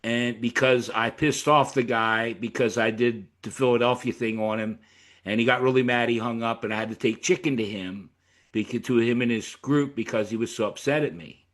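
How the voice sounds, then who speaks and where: A man's voice: medium pitch, steady tone, moderate pace, a bit bright. A middle-aged man from Pennsylvania hosting a casual interview, telling stories animatedly and swearing freely. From York, Pennsylvania. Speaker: host.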